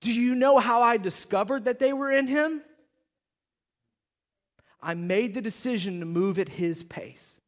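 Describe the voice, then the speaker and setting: Male pastor, high voice, lively sermon storyteller who addresses the audience. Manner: animated storytelling, talks straight to the audience.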